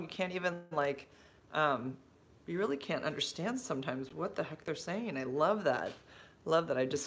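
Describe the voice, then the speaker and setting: A woman's voice: deep voice, a bit bright. A middle-aged woman hosting a casual livestream, answering viewer comments in a rambling, chatty way with many fillers and restarts. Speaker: livestream host.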